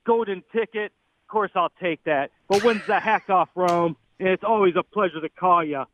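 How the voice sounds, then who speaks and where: A man's voice: sits high, moderate pace, fairly bright tone, a little hiss or hum. A man calling into a radio show, cocky and boastful. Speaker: caller. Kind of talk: boastful call-in. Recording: dry phone line.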